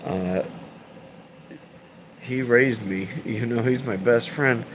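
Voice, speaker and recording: A man in his thirties chatting on a live stream, rambling and swearing, halting with fillers and repeats, emotional and choked up. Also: medium pitch, background noise. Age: 30s. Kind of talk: casual live-stream chat.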